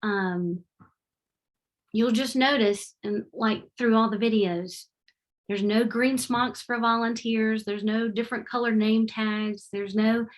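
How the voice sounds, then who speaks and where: Middle-aged woman presenter, warm and animated, a touch high-voiced, talking through slides on a call. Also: slow. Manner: warm, heartfelt and animated, with faith-tinged phrasing. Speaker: presenter at a webinar. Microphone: remote video call.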